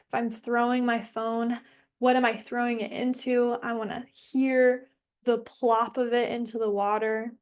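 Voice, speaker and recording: Leading a somatics session by video call, the young woman speaks openly and informally, cursing without hesitation and pausing as she thinks out loud. Her voice is a little high, smooth, and flatly delivered.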